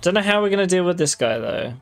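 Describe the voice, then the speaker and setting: A man's voice: high-pitched, animated, fast, creaky, a bit bright, faint music behind. A man giving casual, wry commentary on his own gameplay, swearing freely and talking straight to his viewers. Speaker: gaming video creator.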